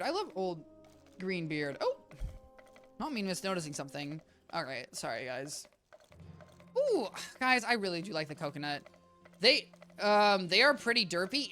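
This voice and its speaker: A young woman streams a game from her apartment and rambles playfully at her chat. Her voice is bright and swoops up and down. Faint game music plays behind her. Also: mid-range voice. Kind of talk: casual gameplay chatter. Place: home apartment.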